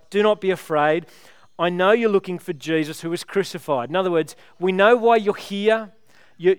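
A man's voice: a little high, smooth, no echo, studio quality. A man preaching a sermon, retelling a story with rhetorical questions in a conversational way.

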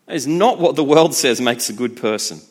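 A man preaching a sermon in a conversational, lively way. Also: medium pitch, brisk, breathy edge. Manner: conversational, lively, acts out voices.

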